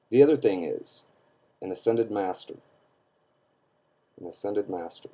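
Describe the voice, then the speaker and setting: A man's voice: deep voice, dark tone. Scornful man ranting to camera. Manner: emphatic, scornful, keeps asking "okay?". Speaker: online commentator. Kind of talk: opinion rant to camera.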